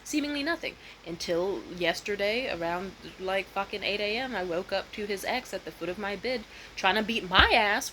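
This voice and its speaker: A young woman tells a storytime vlog in a bright, lively voice, swearing freely and leaping into high, loud tones whenever she quotes someone. She talks into a phone camera at home, with a faint hum of room ambience behind her. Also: normal speed, hardly any pauses. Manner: animated, profane, jumps into high voices when quoting. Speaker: vlogger. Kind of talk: casual storytime rant.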